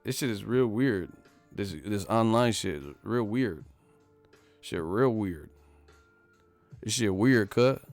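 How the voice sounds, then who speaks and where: A man's voice: fairly low pitch, lively intonation, slow, long pauses, darkish tone, faint music behind. A man hosting a boxing vlog who rants casually in heavy street slang, cursing, repeating himself and laughing often. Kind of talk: casual profane rant.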